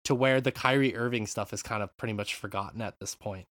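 A man hosting a casual gaming podcast, animated and rambling, with free swearing. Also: fairly low pitch, fast talker, dry recording. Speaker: podcast host. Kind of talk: casual chat.

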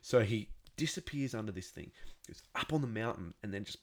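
A man's voice: lowish voice, expressive, fairly quick. A man recapping a show in a casual, rambling way, restarting sentences and making sound effects.

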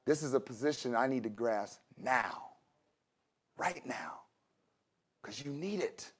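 A man's voice: mid-range voice, lively intonation, slow. A man preaching a sermon in a conversational way, with laughs and asides to the congregation. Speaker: pastor.

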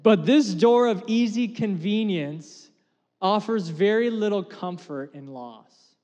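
A man in his thirties preaching in a church hall. His voice sits high, and he moves from loud, emphatic declarations to hushed asides. A long reverb trails each phrase. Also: slow pace, highs cut off. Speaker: pastor. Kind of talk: sermon.

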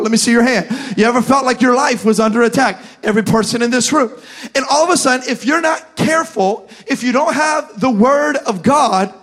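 High-voiced young pastor preaching. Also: male voice. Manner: animated, builds to shouting. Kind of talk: sermon. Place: church service.

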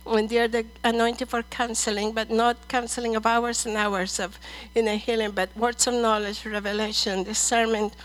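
A middle-aged woman ministers prophetic words over people in church, earnest and measured, addressing them as "dear" and "brother." Her voice is fairly high with little change in pitch, and the audio is poor.

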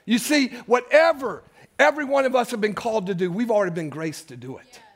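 A man with a notably high voice preaches to his church congregation. He talks with passion and stacks up repeated phrases to build each point, speaking into a stage microphone in the sanctuary. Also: expressive, a little fast. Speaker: pastor. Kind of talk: sermon.

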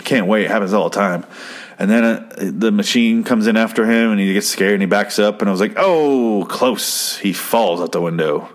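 A young man recapping a TV episode in a casual, rambling, profane commentary, getting excited as he goes. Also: fairly low pitch, fairly quick. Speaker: show host.

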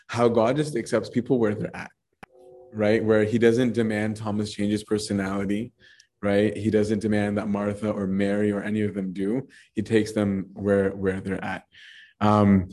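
Guy explaining a bible chapter, chatty, keeps saying right? and like, lowish voice. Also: a little mellow. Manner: conversational, says "right?" and "like" often. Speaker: Bible teacher. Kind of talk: casual Bible study talk.

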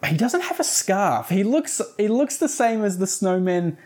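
A man's voice: high voice, sing-song, a little slow, a little mellow. A man casually recapping a story, rambling with fillers and wry asides.

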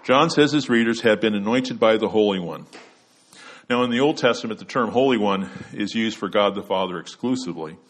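Earnest low-voiced male preacher. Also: fairly quick. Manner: earnest, emphatic, voice drops at ends of points. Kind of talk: expository sermon.

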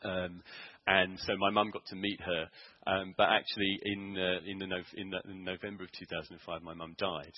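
A man preaches in a church, telling his story in an earnest, halting way. His voice sits very low and sounds husky. The recording is dull and muffled. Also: flat delivery, no room sound. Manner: earnest storytelling with many ums and restarts. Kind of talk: sermon testimony.

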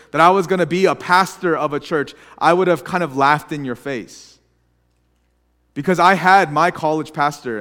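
A man's voice: on the high side, a bit bright, long reverb tail. A young adult man preaching as a pastor, telling his story in an earnest, confessional way with frequent restarts. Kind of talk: sermon.

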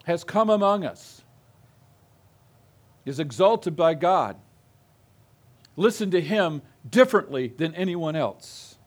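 A man's voice: a little high, animated, takes it slowly, pauses often. A middle-aged male pastor preaching an expository sermon, emphatic and given to repeating phrases with building intensity.

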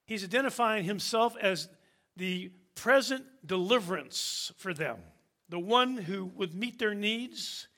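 A man preaching a sermon, slow and emphatic, with dramatic pauses. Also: high voice, sharp tone.

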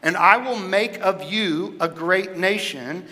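A man's voice: high-pitched, takes it slowly, bright, forceful tone. A man preaching a sermon as pastor, in a conversational way that keeps asking the congregation questions. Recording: long hall reverb.

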